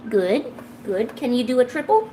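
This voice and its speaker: A young woman streaming, coaxing and teasing her cat in a playful, high-pitched baby-talk voice. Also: sing-song, moderate pace, warm tone, soft background music. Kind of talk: live-stream chat.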